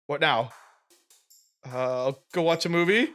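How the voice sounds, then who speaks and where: A man streaming a game live, reading its text aloud and swearing, yelling and laughing at what happens. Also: on the high side, a little slow, long pauses. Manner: animated, swears and yells at the game, laughs often.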